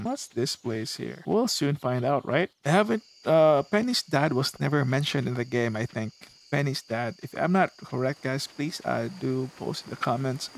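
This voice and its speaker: A man's voice: on the high side, vocal fry. A man giving casual, self-deprecating let's-play commentary, chatty and rambling. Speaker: gaming video host.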